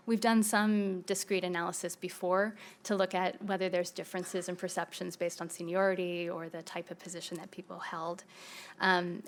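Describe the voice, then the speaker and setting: A woman giving a conference presentation in a casual way, with fillers and restarts, at a podium mic. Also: mid-range voice. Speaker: panel presenter.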